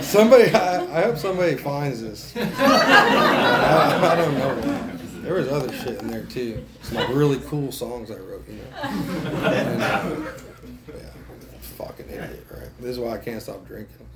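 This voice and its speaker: A man's voice: mid-range voice, noisy background. A man telling his recovery story to a meeting, casual, swearing a lot and laughing at himself between lines. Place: meeting room.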